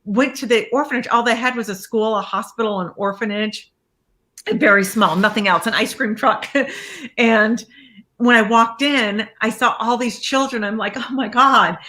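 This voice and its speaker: A woman, a life coach, being interviewed and telling her story in a lively way, acting out the lines of people she quotes. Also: a little high, normal speed.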